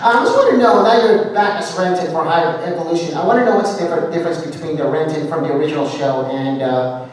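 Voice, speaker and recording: A man's voice: fairly high pitch, quick pace. A man from the audience asking a guest a question, friendly and rambling. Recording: echoey hall from far off.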